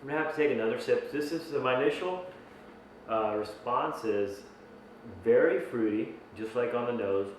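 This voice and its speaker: A man's voice: mid-range voice, normal speed, slight background noise. Rambling man reviewing whisky in an echoey room. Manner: rambling, thinking aloud with many restarts. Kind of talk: casual tasting review. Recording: very echoey room, mic at a distance.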